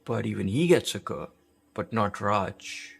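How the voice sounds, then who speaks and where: A man's voice: on the low side, animated, unhurried, vocal fry, slightly rough. A man from India hosting a commentary show, talking in an emphatic, conversational way and asking rhetorical questions. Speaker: host.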